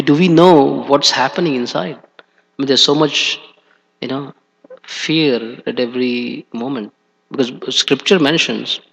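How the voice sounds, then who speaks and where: In a temple hall, a man gives a scripture class, speaking hesitantly with many fillers. His voice is medium-pitched, creaky, and fairly bright, and the recording sounds dull and echoey.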